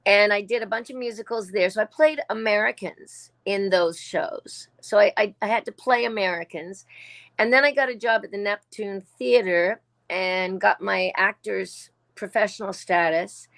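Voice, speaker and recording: A woman's voice: medium pitch, gravelly, fairly bright tone. A woman in her sixties, originally from Australia, talking as a guest actor in a casual interview and telling chatty stories full of quoted asides.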